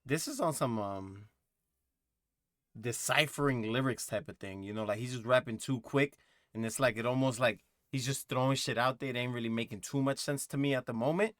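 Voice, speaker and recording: Male reaction host, casual rambling commentary, mid-pitched, dry close mic. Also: a little fast, no echo. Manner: rambling, thinking aloud with many fillers.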